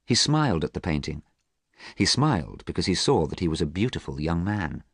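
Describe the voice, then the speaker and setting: A man with a low, deep voice reads a simplified story aloud. His delivery is slow, clear and even, and his intonation rises and falls with lively movement. The recording is dry and close, with no room sound. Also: dry recording. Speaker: audiobook narrator. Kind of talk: scripted graded-reader narration.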